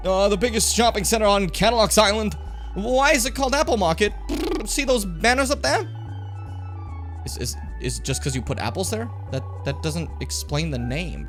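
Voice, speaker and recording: Swearing, jokey man streaming a game. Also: high-pitched. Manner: profane, jokey, sudden shouted outbursts. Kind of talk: casual live-stream commentary.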